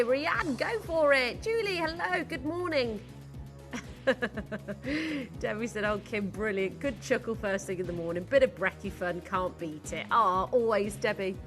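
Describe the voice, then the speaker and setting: A woman's voice: high-pitched, a bit bright. A woman presenting on a live shopping channel, chatty, giggly and enthusiastic as she sells jewellery.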